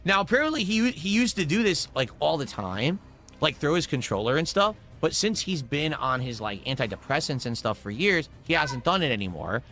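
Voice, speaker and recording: A man in casual chat, rambling through an animated story as a podcast co-host. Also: on the high side, fairly quick.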